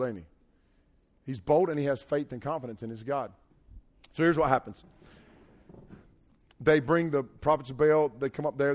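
A man preaching a sermon in a lively, colloquial way, retelling a scripture story and asking his listeners questions. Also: medium pitch. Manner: animated, colloquial, speaks to listeners directly.

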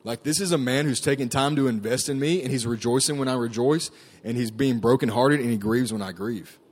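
A man's voice: medium pitch, brisk, breathy edge. Man telling his testimony, casual. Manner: casual storytelling, many fillers and "like". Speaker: ministry staff member giving testimony. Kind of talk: personal testimony talk.

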